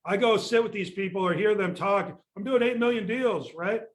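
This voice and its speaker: This older real estate sales coach speaks at normal speed in a high voice, ranting bluntly on a podcast chat. He sounds exasperated and swears casually.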